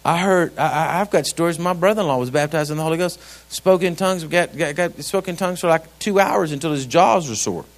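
Middle-aged male preacher, folksy sermon delivery, slightly higher voice, lots of questions to the room. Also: a little fast, hardly any pauses. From grew up on a ranch. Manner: folksy, conversational, with rhetorical questions to the congregation.

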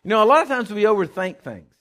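A man preaching a sermon, emphatic, with call-and-response, swinging from loud to hushed. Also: sits high, big pitch swings, fast talker. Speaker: pastor.

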